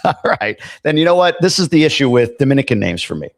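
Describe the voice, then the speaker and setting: A middle-aged man hosts a casual live stream in an easy, talkative way. He reads viewer comments aloud and drifts into playful asides. His voice sits at an ordinary pitch and sounds dry and close. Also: sing-song, quick pace, gravelly, few pauses, dry recording. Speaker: livestream host.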